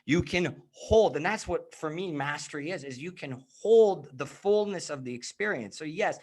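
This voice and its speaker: A man with a slightly raised pitch hosts a casual conversation. He speaks reflectively and searchingly, often circling back and restarting his thoughts. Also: lively intonation, moderate pace, a little mellow. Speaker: host.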